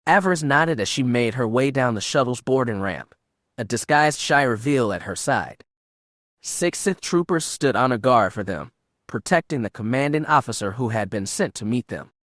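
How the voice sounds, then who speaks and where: A man narrating an unabridged science-fiction audiobook in a steady, measured way. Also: medium pitch, no room sound, clean studio sound. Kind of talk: scripted narration.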